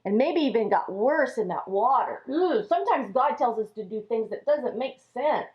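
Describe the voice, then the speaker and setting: Woman, Sunday school teacher, lively kids' Bible story, high voice, muffled lo-fi sound. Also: moderate pace. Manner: animated, acts out characters' lines. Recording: dull lo-fi recording.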